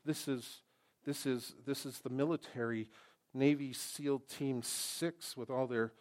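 Here a middle-aged man, pastor of the congregation, preaches in a mid-range voice with humor and energy. His delivery alternates between booming emphasis and quiet intensity.

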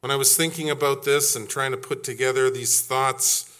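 A man's voice: medium pitch, fairly even intonation, normal speed, pushed and bright, clean tone. A middle-aged man preaching a sermon as pastor, quizzing his congregation and acting out quoted voices. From Canada.

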